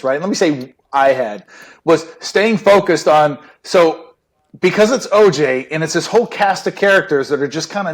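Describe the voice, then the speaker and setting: A middle-aged man, a former police detective, telling a story in a casual interview, relaxed and chatty with many fillers. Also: fairly high pitch. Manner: relaxed, chatty, many "right?" and "you know". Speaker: retired police detective guest.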